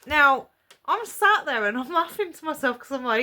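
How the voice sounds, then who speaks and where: Bright-voiced woman telling a story. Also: high voice, brisk, a little hiss or hum. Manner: chatty, animated retelling with quoted dialogue. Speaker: vlogger. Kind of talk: storytime chat to camera.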